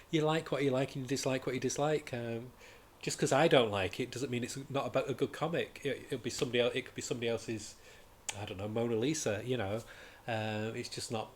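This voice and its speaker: A man chats casually through a comic review at a middling pitch. He sounds enthusiastic and rambles, often stopping partway and starting a sentence again. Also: fairly even intonation, brisk, a little hiss or hum. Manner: rambling and enthusiastic, with frequent restarts. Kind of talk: casual chat.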